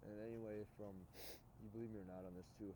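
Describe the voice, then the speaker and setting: A man's voice: on the low side, flat delivery, quick pace, noisy background. A man telling a rambling story for his vlog outdoors, swearing oaths and restarting his sentences over and over. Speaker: vlogger. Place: outdoors in snow.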